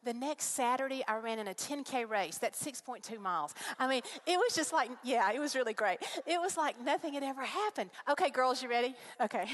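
A woman's voice: sits high, lively intonation, a little fast. A middle-aged woman giving a heartfelt personal faith testimony to a live audience, telling her story in an earnest, storytelling way.

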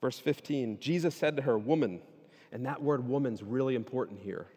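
A man preaching a sermon, casual at first and then animated, building to loud emphatic peaks. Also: medium pitch, moderate pace. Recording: long reverb of a hall.

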